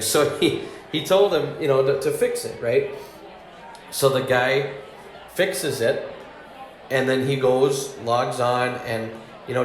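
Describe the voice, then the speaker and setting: A man's voice: medium pitch, reverberant, slight background noise. A man doing stand-up, telling work stories, laughing at his own jokes and acting out other people's lines in raised voices. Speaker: stand-up comedian. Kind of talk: stand-up storytelling.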